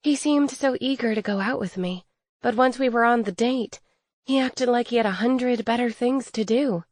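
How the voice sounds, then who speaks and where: A woman voicing a chatty young female fairy masseuse who gossips and gets easily excited, her voice lifting higher and brighter. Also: normal speed, no echo, lightly acted. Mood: excited, complaining. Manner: bubbly, higher and lively.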